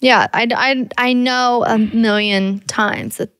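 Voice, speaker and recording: A woman in her thirties co-hosting a podcast, relaxed, giving short agreeing replies with soft laughs. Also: fairly high pitch, takes it slowly, smooth, dry recording, studio quality. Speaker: podcast co-host. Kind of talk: casual chat.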